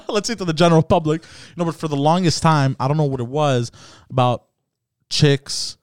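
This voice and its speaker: A man's voice: on the high side, normal speed, clean tone, dry recording. Laid-back man telling stories, dry mic. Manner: laughing, storytelling with bro slang. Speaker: podcast host. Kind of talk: casual chat.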